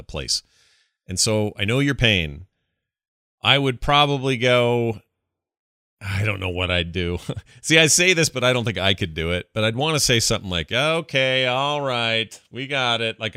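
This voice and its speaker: A man co-hosting a podcast, talking in a relaxed, rambling way with many fillers. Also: on the low side, no echo, clean studio sound. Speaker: podcast co-host. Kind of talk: casual chat.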